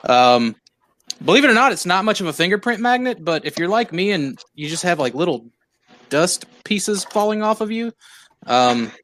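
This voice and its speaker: Bright-voiced man rambling with fillers. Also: high voice, sing-song, normal speed. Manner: laughing, rambling, with many fillers. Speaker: podcast host. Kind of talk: casual chat.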